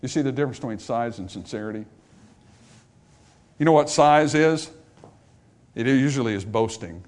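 A pastor preaching a sermon in a church, swinging between emphatic high points and hushed, soft passages. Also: male voice, normal speed, long pauses. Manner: dynamic preaching, rising to emphatic highs and dropping to hushed lows. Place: church sanctuary.

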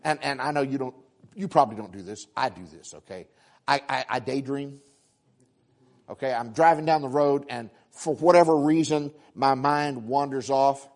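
A man preaching a sermon, telling stories with animated acted-out exclamations and quick repeated starts. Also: mid-range voice. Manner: animated, acts out voices and exclamations, frequent repeated words. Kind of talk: sermon storytelling.

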